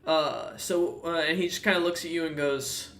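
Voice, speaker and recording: A man's voice: fairly high pitch, fairly even intonation, a little fast, vocal fry, a bit bright. A man running a tabletop game as dungeon master, narrating casually with lots of laughs and fillers.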